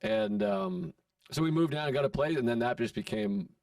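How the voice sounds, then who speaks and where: A man's voice: medium pitch, normal speed, no room sound, recorded from a distance. A man in his forties, a comedian guest, telling stories in casual chat and acting out quotes, with profanity. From Boston area. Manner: animated storyteller acting out quotes, swearing.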